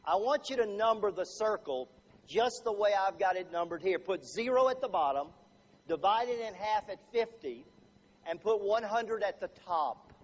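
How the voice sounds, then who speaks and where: High-voiced animated seminar speaker, man. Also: normal speed. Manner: animated, jokey, acts out little scenes. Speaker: motivational speaker. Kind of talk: seminar talk to a live audience. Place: room with live audience. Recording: dull lo-fi recording, faint ambience.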